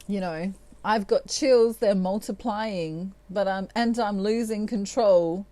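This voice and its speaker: A woman's voice: medium pitch, takes it slowly, warm tone, dry recording. A middle-aged woman giving a tarot reading, laughing often and acting out quoted lines. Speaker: tarot reader.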